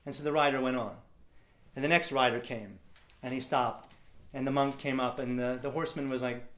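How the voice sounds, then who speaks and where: Speaking fairly quickly with a steady tone, this man has a medium-pitched, slightly bright voice in a reverberant room. He's a motivational speaker telling stories live, acting out people he met and laughing often.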